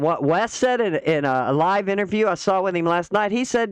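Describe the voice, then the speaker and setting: A woman's voice: on the low side, expressive, normal speed, smooth, dry recording. A woman hosting a reaction commentary, sarcastic and dismissive. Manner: mocking, dismissive. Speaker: commentary host.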